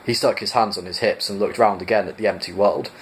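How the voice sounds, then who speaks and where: A man casually reading a novel aloud for listeners, relaxed, sometimes stumbling and restarting words. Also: on the low side, fast, slight background noise, poor audio. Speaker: reader.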